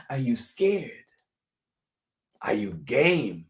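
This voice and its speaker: A man reads a picture book to children at a very slow, unhurried pace. His pitch rises and falls a great deal, and he plays with the words. At times he sinks into a soft whisper. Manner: playful, expressive, drops to whispers. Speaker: children's story time host.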